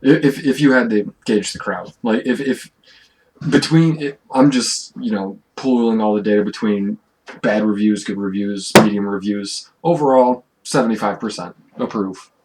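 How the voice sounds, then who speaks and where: A man narrating as game master for an online tabletop game, stopping and restarting often before he settles into unhurried description. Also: lowish voice, darkish tone, rough recording.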